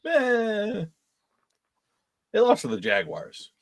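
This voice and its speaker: A man's voice: high voice, wildly swooping pitch, slow. A man co-hosting a casual sports podcast, joking and cursing playfully. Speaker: podcast co-host.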